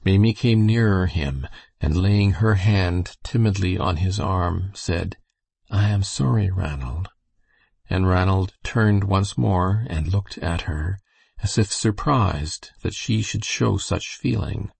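A man reading a novel aloud as an audiobook narrator, with steady, unhurried storytelling. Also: sits low, vocal fry, husky, dry recording. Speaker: audiobook reader. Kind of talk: scripted narration.

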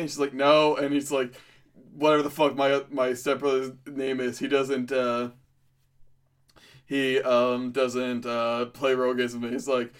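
A man's voice: mid-range voice, flat delivery, a little slow. A young man co-hosting a podcast, recapping a movie in a laid-back, joking way with frequent laughter. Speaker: podcast co-host. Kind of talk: casual movie-recap chat.

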